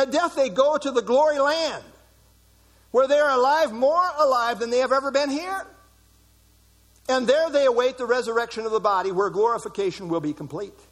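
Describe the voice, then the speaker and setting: A middle-aged man preaching a sermon, emphatic, with dramatic pauses. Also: very high voice, animated. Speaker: pastor.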